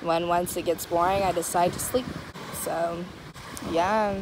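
A woman's voice: lowish voice, fairly even intonation, a little slow. A young woman vlogging casually to camera on a lake beach, chatty and self-mocking. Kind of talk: casual vlog chat to camera. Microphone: handheld camera. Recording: outdoor noise from waves and wind.

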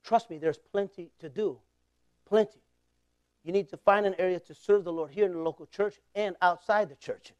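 A man in his forties, a pastor telling a humorous story in a sermon, conversational and laughing often, swinging between loud bursts and quiet asides. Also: high-pitched, moderate pace, clear, resonant tone, dry recording, muffled recording.

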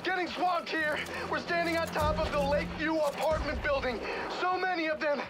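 A frantic young soldier on the radio. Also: male voice, very high voice, moderate pace. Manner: excitable, slangy shouting. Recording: game audio with battle noise.

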